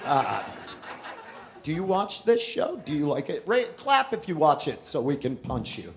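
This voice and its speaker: A man doing a stand-up set in a theater, loud and mocking, swearing and acting out voices. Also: on the high side, wildly swooping pitch, unhurried. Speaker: stand-up comedian. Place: theater stage before a live audience. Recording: echoey live theater recording with noise.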